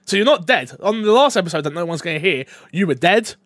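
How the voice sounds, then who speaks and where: High-voiced guy hosting a gaming podcast, jokey, loud then mumbly, dry close mic. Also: quick pace, dry recording. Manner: animated, joking, swings from loud to mumbled asides. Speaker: podcast host. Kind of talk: casual podcast chat.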